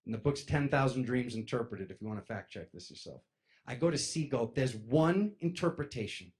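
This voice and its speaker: A young man telling a personal story to an audience, acting out the voices of his friends and jumping from loud, high outbursts down to low mutters. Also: brisk. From East Coast of the United States. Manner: lively, acts out friends' voices, jumps loud and high then drops to a mutter.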